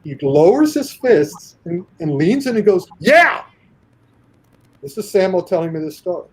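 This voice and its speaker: Male podcast guest, animated storyteller who acts out quotes; mellow, husky timbre. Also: high-pitched, normal speed, low-quality recording. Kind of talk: casual podcast anecdote.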